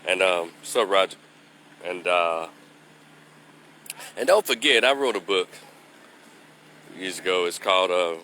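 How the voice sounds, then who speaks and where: This man's fairly low, pushed and bright voice sits over slight background noise as he walks past a construction site outdoors. Still recovering from a cold and a bit stuffy, he vlogs live into his phone, giving opinions, rambling and losing his train of thought.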